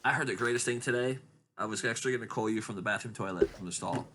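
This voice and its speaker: A man telling long rambling stories in casual chat, acting out other people's lines in high voices. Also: quick pace, background noise. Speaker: podcast host.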